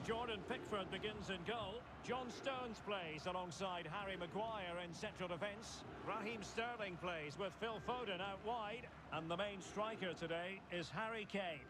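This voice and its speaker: High-voiced man calling football play-by-play. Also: moderate pace. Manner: terse name-calling of passes, rising on chances. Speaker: play-by-play commentator. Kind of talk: scripted football commentary. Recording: loud game noise behind.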